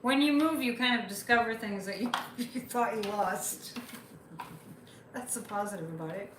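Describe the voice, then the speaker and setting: Woman, psychic livestream host, somewhat high voice, emphatic, roomy echo. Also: measured pace, background noise. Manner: emphatic, repeats phrases for emphasis. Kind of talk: casual livestream chat reading viewer comments.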